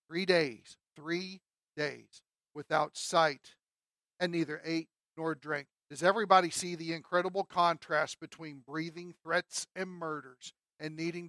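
A man preaching a sermon and reading scripture aloud, emphatic, rising to loud peaks and dropping low again. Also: no room sound. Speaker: pastor.

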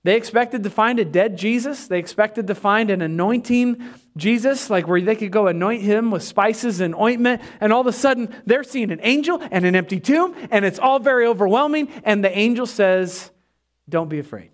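A man preaching an energetic sermon in a church, asking the congregation for responses as he goes. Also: high voice, normal speed. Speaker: pastor.

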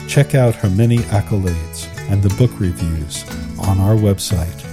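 An older man hosting a podcast on holistic education, speaking in a thoughtful, measured way with slight hesitations and telling stories. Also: low-pitched, over music. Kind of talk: reflective podcast conversation and storytelling.

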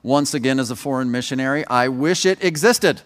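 A man's voice: medium pitch, a little fast. A man, a pastor, preaching a sermon in a conversational way, with personal stories and joking asides to the congregation.

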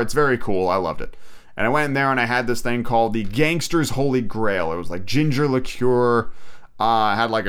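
A man's voice: medium pitch, fairly bright tone, clean tone. A young man hosting a podcast, telling a rambling, profane, self-mocking travel story. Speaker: podcast host. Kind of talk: casual storytelling.

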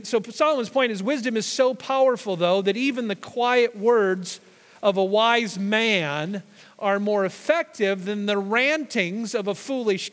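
Man, pastor, high voice, teaching sermon, long reverb of a church hall. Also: fairly bright tone. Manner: teaching, explaining scripture with restarts and emphasis.

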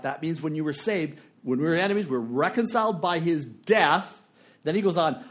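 Middle-aged male preacher with a fairly high voice; storytelling sermon that moves between quiet and emphatic. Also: brisk.

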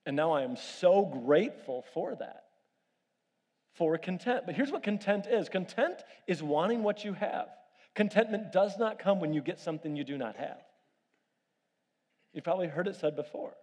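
Male preacher, sermon, animated storytelling, fairly high voice, long hall reverb. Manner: animated storytelling with audience questions. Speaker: pastor.

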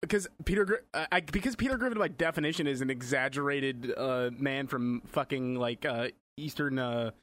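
A man's voice: mid-range voice, normal speed, hardly any pauses, a bit bright. A man co-hosting a podcast in casual chat, joking and laughing often. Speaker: podcast co-host.

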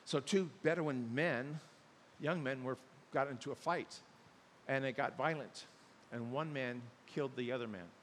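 A man preaching a sermon, telling stories and building to loud, emphatic peaks. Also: medium pitch, unhurried. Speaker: pastor. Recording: long hall reverb, faint hiss.

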